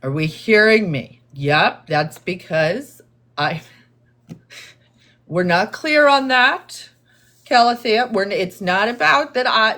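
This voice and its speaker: A woman talking slowly and deliberately to her livestream viewers, in a calm, measured tone that she says viewers hear as condescending. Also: medium pitch. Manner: deliberate, therapist-like, calm and explanatory. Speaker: livestream host responding to chat. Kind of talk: slow, measured live-stream talk to viewers.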